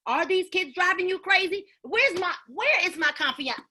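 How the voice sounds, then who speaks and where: A woman giving an energetic motivational talk on a video call, preaching and calling out to her listeners. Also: very high-pitched, moderate pace, noisy background. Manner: preachy, exclamatory, call-and-response. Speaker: network marketing leader.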